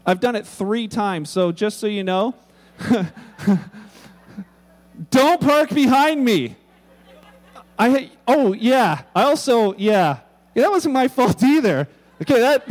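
A man's voice: very high-pitched, darkish tone, big-room sound. A man preaching a sermon as a pastor, in a casual, humorous storytelling way with frequent restarts.

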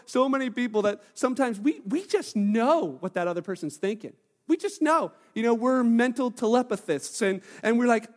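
A man preaching a sermon as pastor, telling stories in a lively way and acting out the voices of the people in them. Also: high-pitched, in a large hall. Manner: animated storytelling, acting out quoted voices. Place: church hall.

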